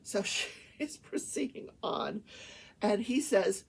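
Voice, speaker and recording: Husky gravelly older woman retelling a trial. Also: medium pitch, lively intonation, takes it slowly. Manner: chatty, retells testimony in quoted voices with asides. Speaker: talk show host and retired attorney. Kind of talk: casual storytelling recap of a trial.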